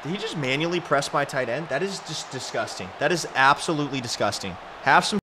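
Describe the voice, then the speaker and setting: A man giving live commentary over a football video game, excitable and trash-talking, shouting at his players. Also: a little high, brisk, noisy background. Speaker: gaming YouTuber.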